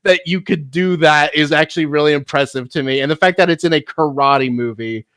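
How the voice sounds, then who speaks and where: A man's voice: on the high side, brisk, fairly bright tone, no room sound. Man, casual chat, podcast co-host, laughs often, restarts words, dry recording.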